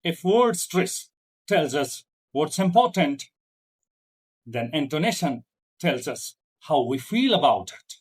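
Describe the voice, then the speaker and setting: Slow, lively teacher. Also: male voice, husky. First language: Urdu. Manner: slow, deliberate teaching delivery with pitch demonstrations. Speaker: English teacher. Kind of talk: online language lesson.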